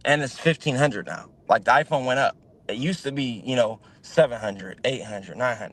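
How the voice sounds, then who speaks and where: A man's voice: medium pitch, moderate pace, a bit bright. Rambling man on a video call. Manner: rambling, with many fillers and restarts. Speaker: guest on a livestream. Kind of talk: casual chat.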